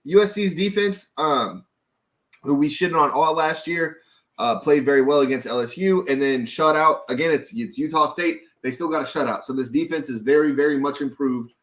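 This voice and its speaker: A man's voice: a little high, moderate pace, a bit bright. Easygoing man steering a sports podcast. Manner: easygoing, steers the talk with questions. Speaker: podcast co-host. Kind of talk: casual sports chat.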